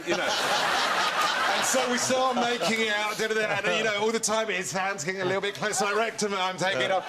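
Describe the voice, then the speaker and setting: A man, a comedian guest telling lively anecdotes and slipping into put-on voices. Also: high voice, fast, heavy background noise. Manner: animated storyteller, puts on voices and accents.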